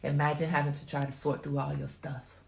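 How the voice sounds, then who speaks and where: A woman's voice: low-pitched, monotone, a little fast, creaky, slight background noise. A woman hosting a casual livestream, chatty and emphatic, giving motherly advice to viewers. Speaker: host. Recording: roomy echo.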